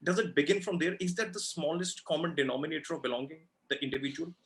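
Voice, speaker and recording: A man's voice: a little high, fast talker. A man asking long, rambling interview questions, searching for words with many restarts. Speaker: journalist interviewer.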